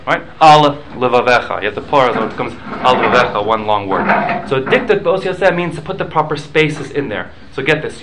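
A man's voice: medium pitch, very noisy. A man teaching a Talmud class, explaining rules with examples and often repeating and restarting his words.

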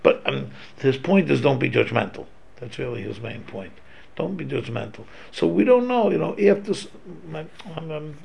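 A man's voice: mid-range voice, animated, normal speed, creaky, music in the background, rough recording. A man giving an informal religious lesson, talking it through conversationally and acting out quoted speech as he explains. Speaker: Torah class teacher.

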